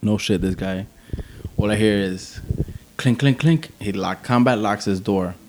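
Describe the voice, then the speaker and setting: A man's voice: fairly low pitch, unhurried, background noise. A man, an army veteran, telling a war story in casual, profane talk and acting out quotes. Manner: profane, animated, acts out quotes.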